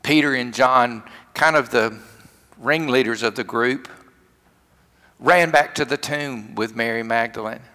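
Slow, bright-toned Southern preacher. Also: male voice, medium pitch, big-room sound. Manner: storytelling, emphatic repetition. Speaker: pastor. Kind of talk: sermon.

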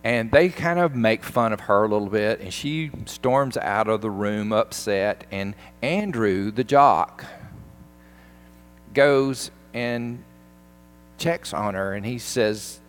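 A pastor giving a sermon, retelling a film scene in an animated, emphatic way. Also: male voice, on the low side, slow pace.

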